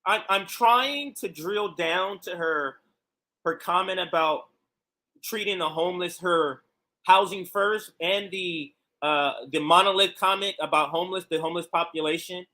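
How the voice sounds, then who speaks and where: Male livestream host, high and bright, combative with rhetorical questions. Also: unhurried. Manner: argumentative, pointed rhetorical questions. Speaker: political commentary host. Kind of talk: livestream commentary reacting to clips.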